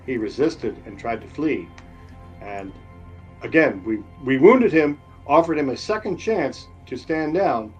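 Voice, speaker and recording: A man's voice: mid-range voice, natural voice, poor audio. A man voicing an adventurer in a tabletop game who firmly defends the group.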